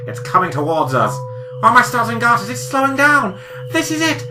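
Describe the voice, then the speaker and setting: A woman voicing an excitable male time-travelling weasel doctor in a hobby audio drama, theatrical and bossy. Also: fairly high pitch, moderate pace, over music. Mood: excited. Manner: theatrical, bossy, easily bored.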